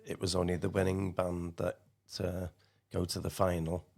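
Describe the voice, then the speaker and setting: A man's voice: low-pitched, flat delivery, moderate pace. A man co-hosting a casual podcast chat, a little hesitant and stumbling over his words. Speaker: podcast co-host.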